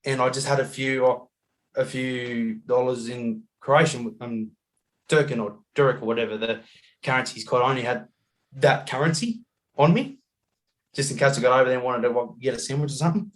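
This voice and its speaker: Aussie bloke on a zoom call telling a wild travel story, laughs a lot, does little voices. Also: male voice, mid-range voice, a little fast. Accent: Australian. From Australia. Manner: animated yarn-spinning, acts out voices, laughs often. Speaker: podcast guest. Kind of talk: casual storytelling on a video call. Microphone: video call.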